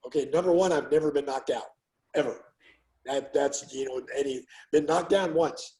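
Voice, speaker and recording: In a casual interview, an older ex-fighter recounts stories at a normal pace, his voice a little high. He brings them to life by acting out quotes at full volume, though the recording is rough.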